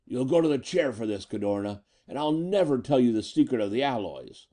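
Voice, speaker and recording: Defiant older scientist, firm, stubborn, dark low voice, read by a male narrator. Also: big pitch swings, fairly quick.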